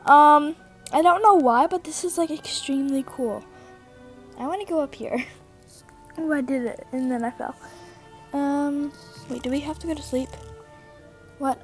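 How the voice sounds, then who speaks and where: A woman giving casual commentary over a horror game, excitable and easily startled, repeating her exclamations over and over. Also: sits high, measured pace, pauses often, soft background music. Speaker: gameplay commentator.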